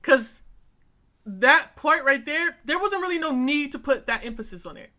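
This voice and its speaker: A woman's voice: high voice, expressive, normal speed, pushed and bright. A young woman hosting a reaction video, talking in a casual, earnest way and repeating phrases for emphasis. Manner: frequent "you know what I'm saying" fillers.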